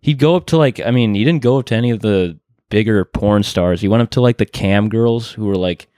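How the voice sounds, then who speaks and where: Rambling low-voiced male comic. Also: a little fast, mellow, no room sound, clean studio sound. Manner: rambling, filler-heavy, laughs easily. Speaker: comedian. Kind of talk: casual podcast chat.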